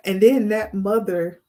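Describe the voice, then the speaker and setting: A woman's voice: mid-range voice, warm tone. A woman hosting a heartfelt spiritual talk as a life coach, speaking to the camera in an earnest, emotional way and often repeating her words. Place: indoors, on camera.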